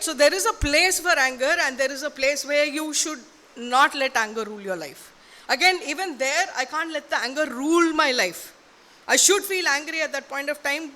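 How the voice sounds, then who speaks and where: A woman's voice: high-pitched, pushed and bright. Female preacher, chatty sermon delivery, voice ringing in a reverberant hall. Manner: conversational, asks listeners "okay?" and "right?" often. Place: church.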